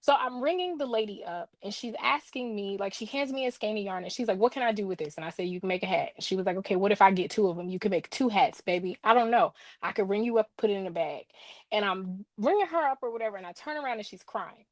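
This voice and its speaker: Lively young woman telling stories. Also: mid-range voice, fast, no echo. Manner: animated storyteller with laughs and playful asides. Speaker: guest, book reviewer. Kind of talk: casual interview chat.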